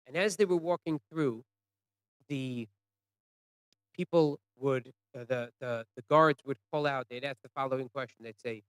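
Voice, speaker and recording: Man, storyteller, fairly high voice, dry close sound, stumbling restarts, hushed then loud. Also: fairly even intonation, clean tone, dry recording. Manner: halting, repeats words, restarts often; voice swings from hushed to loud for quoted cries. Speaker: teacher telling a story. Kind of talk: storytelling talk to an audience.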